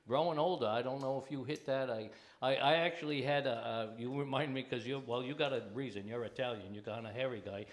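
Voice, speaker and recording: An older man, a comedian, telling stories in a rambling, halting way during a casual studio chat. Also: mid-range voice. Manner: rambling, halting, many restarts. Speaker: comedian guest. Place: TV studio with live audience.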